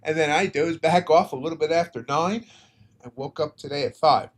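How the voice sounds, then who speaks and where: A man with a slightly higher voice talks through a live trading stream. He sounds tired and chats in a loose, rambling way between market remarks. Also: fairly quick. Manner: relaxed, rambling, yawning. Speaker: futures trading livestream host. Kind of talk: casual live-stream commentary.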